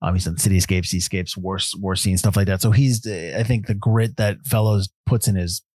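A man's voice: low voice, steady tone, moderate pace, darkish tone, dry recording, clean studio sound. A man hosting a casual film podcast, easygoing, reading trivia notes aloud and chatting about them. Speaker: podcast host. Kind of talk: casual film review chat.

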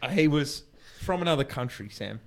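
A man's voice: mid-range voice, lively intonation, normal speed. A young man telling a story in casual chat, swearing often and laughing as he goes. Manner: swears a lot, laughs through his stories. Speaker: podcast co-host.

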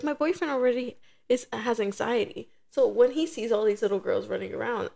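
A young woman in her twenties chats on a podcast, and her voice sits a little high. She tells her story with energy and acts out what each person said in quick quoted voices. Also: gravelly, a little mellow. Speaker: podcast co-host. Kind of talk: casual chat.

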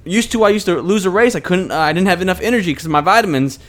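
A man's voice: sits high, lively intonation, very fast, fairly bright tone. A man co-hosting a podcast in casual chat, playful and telling stories between laughs. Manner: playful, storytelling, laughs often. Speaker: podcast co-host.

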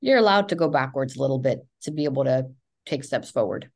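A woman therapist in her thirties or forties, appearing as a podcast guest, gives candid, emphatic advice in casual conversation and swears freely. Her voice is rumbling low, expressive, and a little mellow, and she talks fast.

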